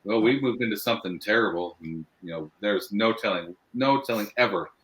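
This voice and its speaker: A man with a lowish voice speaks plainly and matter-of-factly in casual chat. He is a guest joining over a video call. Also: fairly quick, a bit bright, poor audio. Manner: plain, matter-of-fact, backs up his partner. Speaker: guest paranormal investigator.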